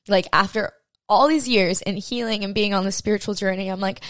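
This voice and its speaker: Young woman crying through a confessional podcast story, swears a lot, mid pitch, dead dry mic. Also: fairly even intonation, normal speed, no room sound. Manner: emotional, swears freely, acts out her own inner voices. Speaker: podcast host. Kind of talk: personal confessional monologue.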